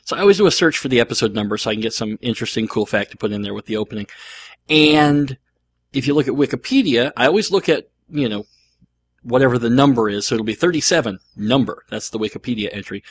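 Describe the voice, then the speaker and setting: A man hosting a podcast, talking casually and rambling animatedly, with frequent fillers and restarts. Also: medium pitch. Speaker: podcast host. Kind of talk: casual solo podcast monologue.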